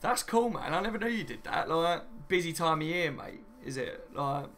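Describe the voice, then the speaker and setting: A man's voice: on the high side, lively intonation, moderate pace, fairly bright tone. A young man hosting a casual live stream from home, reading viewer comments and laughing often. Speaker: fan channel host.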